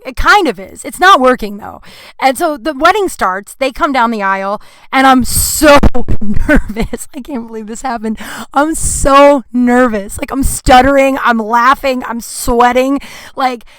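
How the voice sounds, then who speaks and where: A woman's voice: a little high, pushed and bright, smooth, dry recording. A young woman comedian hosting her podcast, telling a long, rambling, self-deprecating story full of swearing.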